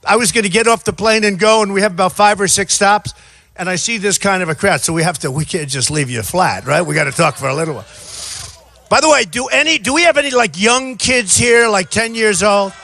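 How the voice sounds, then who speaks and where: A man in his sixties giving an off-the-cuff campaign rally speech outdoors, rambling and repetitive, often shouting to a crowd. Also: high-pitched, expressive, fairly quick. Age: 60s. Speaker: presidential candidate.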